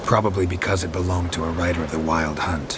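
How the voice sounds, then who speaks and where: A man's voice: fairly even intonation, quick pace, background noise, natural voice. An actor voicing a laconic male witcher monster hunter in terse video game dialogue, with heavy rain in the background. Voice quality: very deep, terse. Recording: game audio with loud rain.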